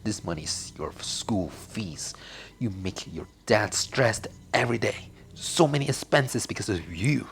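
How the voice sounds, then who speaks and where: A man's voice: on the low side, lively intonation, normal speed, creaky, few pauses. A man reading a bad-tempered abusive father. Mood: stern. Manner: snapping, shouting. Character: angry abusive middle-aged father and husband.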